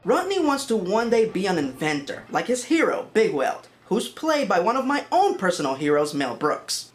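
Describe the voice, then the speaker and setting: A woman's voice: medium pitch, big pitch swings, moderate pace. Sarcastic woman reviewing a film. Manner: sarcastic, exasperated. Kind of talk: comedic film review narration.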